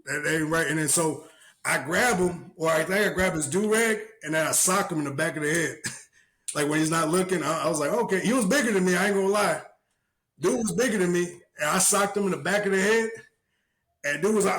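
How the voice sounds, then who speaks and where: A young man co-hosting a casual podcast, telling stories with lively, shouted quotes. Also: high-pitched, brisk. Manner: animated storyteller, acts out shouted quotes. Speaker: podcast co-host.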